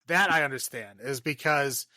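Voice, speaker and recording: A man's voice: mid-range voice, normal speed, bright, forceful tone, dry recording. A man co-hosting a podcast, chatting loosely about a film, swearing and laughing often. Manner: loose and profane, laughs often, many "like" fillers. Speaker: podcast co-host. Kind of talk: casual movie review chat.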